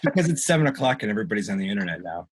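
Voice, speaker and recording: A man's voice: lowish voice, very animated, rapid-fire, husky, low-quality recording. A man hosting a podcast over a video call, laughing, joking and swearing freely. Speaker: podcast host.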